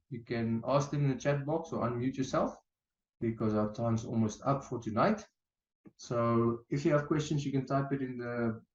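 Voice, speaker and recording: Animated man coaching online. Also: mid-range voice, echoey room, dull audio. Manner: animated, coaching, frequent "okay". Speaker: hypnotherapist. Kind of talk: online group talk.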